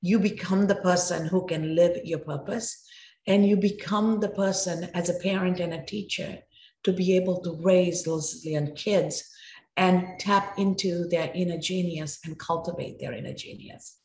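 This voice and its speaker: A woman's voice: lowish voice, fairly even intonation, normal speed, a little mellow, a little hiss or hum. Brief: woman host, effusive intro, roomy reverb. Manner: enthusiastic, effusive. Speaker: podcast host. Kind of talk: interview introduction.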